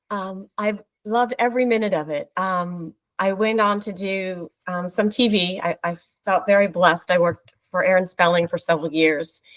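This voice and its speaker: A woman's voice: medium pitch, poor audio. A middle-aged woman, a former actor, speaking on a video call, gushing and close to tears. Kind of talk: casual video-call chat.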